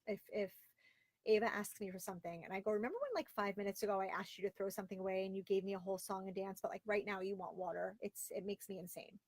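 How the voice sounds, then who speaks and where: A woman in her thirties chats candidly on a live stream, exasperated and quick with a running string of "like." Her voice sits at an ordinary middle pitch. The sound is close and dry, with no room around it. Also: little pitch movement, darkish tone, no echo. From Florida, via Long Island. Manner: candid, exasperated and chatty, with lots of "like". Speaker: host of a live video show. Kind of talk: casual live-stream chat reading viewer comments. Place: home closet.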